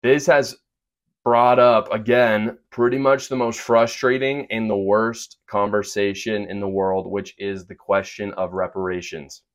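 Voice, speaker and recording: A man hosting a podcast, speaking earnest, opinionated commentary with quick asides and fillers. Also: lowish voice, flat delivery. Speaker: podcast host. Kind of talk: opinion monologue with sponsor read.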